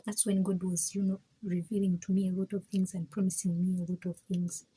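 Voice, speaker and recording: A woman's voice: fairly low pitch, little pitch movement, brisk, warm tone, slight background noise, poor audio. A woman giving a candid personal faith testimony, emphatic and frank, repeating herself and laughing between points. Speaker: vlogger sharing her faith testimony.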